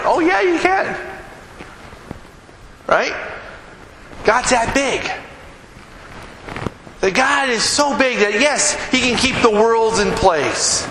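Man, pastor, lively sermon, high-pitched, echoey hall, noisy room. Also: measured pace, long pauses. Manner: energetic, animated, acts out quoted people. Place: church sanctuary.

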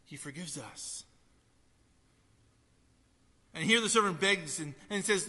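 A man preaching a sermon to a congregation, swinging between loud emphasis and soft asides. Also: high voice, animated, normal speed, big-room sound. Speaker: pastor.

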